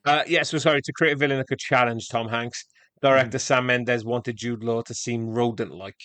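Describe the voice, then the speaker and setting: A man with a middle-pitched voice co-hosting a podcast and reading trivia aloud. His delivery is steady and matter-of-fact, and the recording is dry and close. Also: fairly quick, dry recording. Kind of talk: casual chat with read-out facts.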